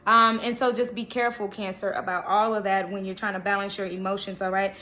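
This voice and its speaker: A woman's voice: medium pitch, flat delivery, brisk, pushed and bright. A woman giving a casual, reassuring tarot reading to camera, often checking in with "okay?". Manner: chatty, reassuring, frequent "okay?" check-ins. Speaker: tarot reader.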